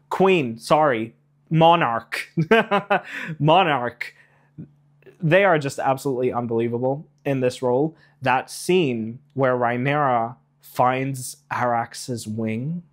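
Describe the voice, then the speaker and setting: A man in an excited spoiler rant reviewing a TV episode, animated, rushing ahead and getting emotional along the way. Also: medium pitch. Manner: animated, rushes and trails off, emotional asides. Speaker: YouTube reviewer.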